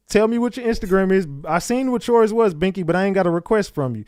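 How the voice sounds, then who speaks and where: A man's voice: sits high, fast talker, a little mellow, clear, resonant tone, dry recording, clean studio sound. Slangy man hosting a livestream. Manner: loose, slangy, calls out chat names. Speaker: livestream host. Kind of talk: casual livestream chat with viewers.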